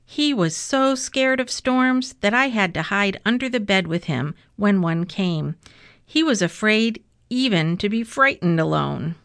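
A calm old grandfather, as a woman reads him. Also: mid-range voice, measured pace, clear, resonant tone, no room sound, studio quality. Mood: fond. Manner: calm, gently teasing. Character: calm, dry-humored old grandfather telling a story. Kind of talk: storybook reading.

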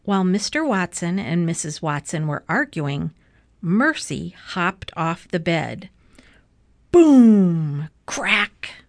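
A woman reading a children's book aloud with slow, gentle, clear storytelling. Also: on the low side, animated, dry recording, clean studio sound. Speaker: storybook reader.

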